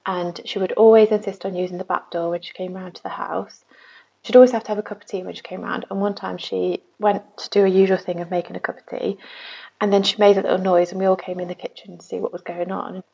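A woman's voice: mid-range voice, level tone, fast, gravelly, dark tone, breathy edge. A woman from England leaving a chatty voicemail, telling a family story. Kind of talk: casual voice message. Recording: dull lo-fi phone message.

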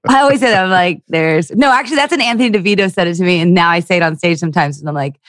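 A woman's voice: on the low side, racing, fairly bright tone, no echo, studio quality. A young woman from the Philadelphia area, a stand-up comedian talking casually on a podcast, telling stories with crude jokes and acted-out voices.

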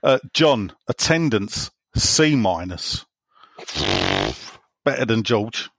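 A man's voice: medium pitch, animated, slow, a bit bright, dry recording. A man co-hosting a casual podcast, reading out listener messages and laughing along. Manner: playful, reads listener questions with laughs. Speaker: podcast co-host. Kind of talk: casual chat.

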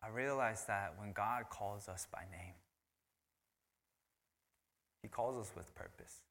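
A pastor delivering a sermon in a low, bright, forceful voice. He swings from loud emphasis down to near-whispers, and his words ring out with a long hall reverb. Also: slow pace. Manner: shifts between loud emphatic preaching and hushed whispers.

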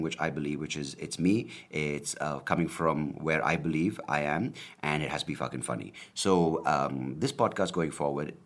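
Comedian-host type: a man with a very low, deep voice doing a loose solo podcast rant, sweary and self-mocking. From India. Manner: rambling, profane, joking, self-deprecating. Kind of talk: casual solo podcast monologue.

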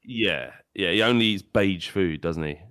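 A man's voice: low voice, normal speed, fairly bright tone, smooth, dry recording, studio quality. A man from England co-hosting a casual podcast with teasing, laid-back banter. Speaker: podcast co-host.

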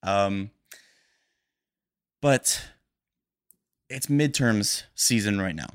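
A young man hosting a casual solo podcast, rambling quickly and a little nervous. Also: lowish voice, clean tone. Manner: rambling, fast-talking and a bit nervous. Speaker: podcast host.

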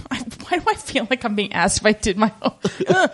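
A woman's voice: fairly high pitch, breathy edge. A woman co-hosting a podcast, in a casual and jokey chat, laughing often and swearing freely. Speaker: podcast co-host.

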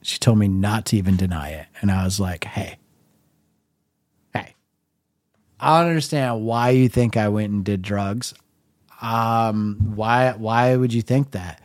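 A middle-aged man casually telling a long story on his own podcast, wry and laid-back, dropping to a low mumble when he quotes himself. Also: unhurried, long pauses, dry recording. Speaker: podcast host.

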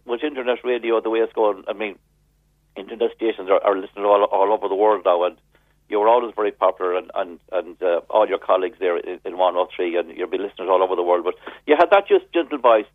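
A man's voice: lowish voice, no room sound. A man, calling in to chat, rambling and repeating his words. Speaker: caller. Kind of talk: casual chat. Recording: tinny phone line.

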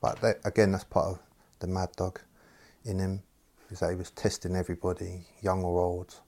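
Deep-voiced former footballer. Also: male voice, level tone, normal speed, warm tone. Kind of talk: interview reminiscence.

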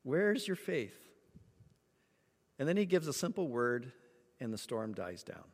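A man preaching a sermon, telling a story with lively acted-out moments. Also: mid-range voice, normal speed, big-room sound. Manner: animated storytelling, acts out voices. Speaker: pastor.

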